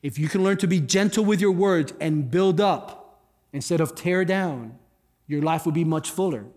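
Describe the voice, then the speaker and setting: Male guest pastor, higher register, conversational sermon with jokes; long hall reverb, faint music under. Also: moderate pace, darkish tone. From Cuba. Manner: conversational, joking asides. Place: church hall.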